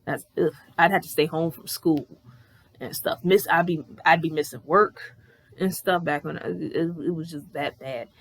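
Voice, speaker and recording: A woman in her thirties telling a personal story on her vlog in a candid, animated way, swearing freely. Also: deep voice, moderate pace. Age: 30s. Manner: candid, profane, animated retelling. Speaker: vlogger.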